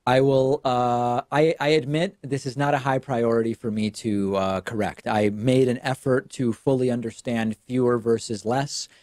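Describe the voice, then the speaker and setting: A man's voice: medium pitch, fairly even intonation, moderate pace, hardly any pauses, a little mellow, dry recording, clean studio sound. A man hosting a political commentary show, speaking in an emphatic, sardonic way. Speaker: host.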